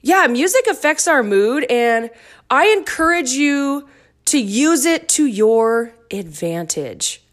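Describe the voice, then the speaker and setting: A woman's voice: high voice, big pitch swings, takes it slowly. A middle-aged woman hosting her own dance fitness podcast, chatty and goofy with playful asides. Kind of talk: casual solo podcast talk.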